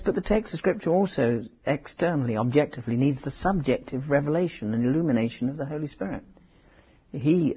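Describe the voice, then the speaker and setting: A man preaching a conversational Bible teaching, halting, with restarts and asides. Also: mid-range voice. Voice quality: very husky. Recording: dull lo-fi sermon recording.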